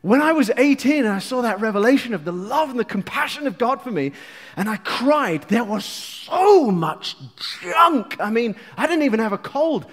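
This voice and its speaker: English preacher guy, high voice, goes from quiet to loud, jokes with the crowd, long echoey church hall sound. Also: very animated, normal speed. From England. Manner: passionate, swinging from hushed to loud outbursts; playful asides to the congregation. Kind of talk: sermon.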